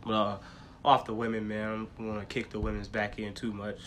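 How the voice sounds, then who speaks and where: A man's voice: fairly low pitch, fairly quick, slight background noise. A man co-hosting a casual podcast, telling stories with lots of profanity and acting out people he talks about. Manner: animated storytelling with impressions, profane. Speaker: podcast co-host.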